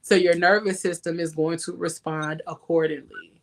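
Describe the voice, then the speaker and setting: A woman's voice: on the low side, level tone, moderate pace. Emphatic woman giving casual advice. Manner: emphatic, laughs often, sings a line. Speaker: podcast host.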